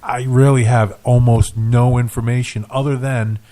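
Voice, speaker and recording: A man co-hosting a casual radio show in a studio, talking in halting restarts with dry jokes. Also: medium pitch, level tone, dark tone. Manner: hesitant, restarts often, dry joking.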